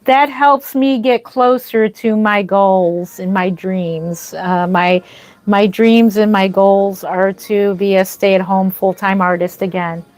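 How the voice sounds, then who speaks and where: This livestream host, who makes reborn dolls, speaks in a steady mid-range voice that is slow and a little mellow, with no room sound. Chatting casually, she's easily moved and keeps pouring out gushing thanks for viewers' gifts.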